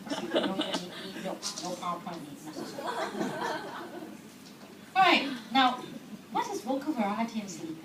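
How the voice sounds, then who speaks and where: A woman's sing-song, medium-pitched voice fills an echoey hall as she chats with a live audience at normal speed, pausing at length now and then. She quizzes the crowd and laughs frequently, captured from a distance amid background noise.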